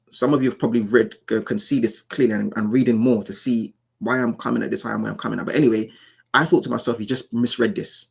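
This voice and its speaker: A man's voice: medium pitch, vocal fry, husky. A man giving casual, insistent reaction commentary, often repeating and restarting his words as he argues his point. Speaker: commentary YouTuber.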